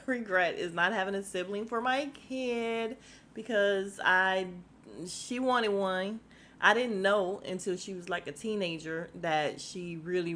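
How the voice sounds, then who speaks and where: A woman's voice: fairly low pitch, pushed and bright, a little hiss or hum. A woman hosting a casual podcast recap of a reality show. She talks straight to her listeners, laughs often and speaks bluntly, with some swearing. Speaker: podcast host.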